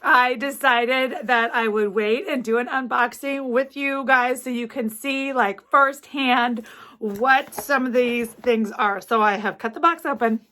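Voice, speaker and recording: Slow, high-voiced gushing woman. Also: steady tone, pushed and bright. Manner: gushing, gasping, breathless delight; halting restarts, trailing off. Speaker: crafting vlogger. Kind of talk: excited unboxing chat.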